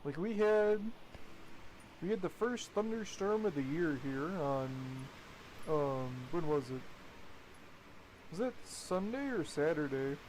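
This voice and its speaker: A man's voice: on the high side, animated, takes it slowly, long pauses, darkish tone, slight background noise. A man rambling casually while commentating his gameplay, chatty and swearing now and then. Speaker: gaming streamer.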